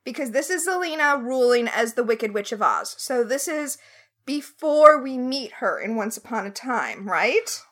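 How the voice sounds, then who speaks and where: A woman's voice: a little high, expressive, unhurried, a bit bright. A woman co-hosting a casual podcast chat, recapping a TV episode with opinionated, wry asides. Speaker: podcast co-host.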